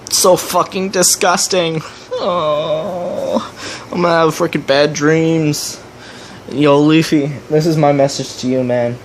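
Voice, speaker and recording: A young man hosting a reaction commentary, sarcastic and crude, swearing constantly and mock-shouting at the clip he is watching. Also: a little high, fairly even intonation, takes it slowly, slight background noise. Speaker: commentary host.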